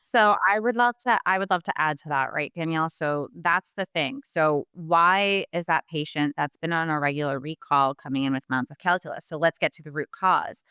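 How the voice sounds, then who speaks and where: A woman's voice: low-pitched, pushed and bright, smooth, no room sound, studio quality. A woman who works as a dental hygienist, a guest on a podcast, speaking frankly and emphatically. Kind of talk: casual podcast chat.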